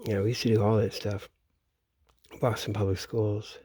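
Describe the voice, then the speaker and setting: A man with a fairly low voice talks in a loose, rambling monologue, swearing freely and drifting from thought to thought. He often breaks off sentences and starts them over. The sound is dry and close, with almost no room around him. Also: flat delivery, normal speed, mellow, slightly rough, dry recording. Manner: profane, meandering, trails off mid-sentence. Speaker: vlogger. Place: home in Florida, at night.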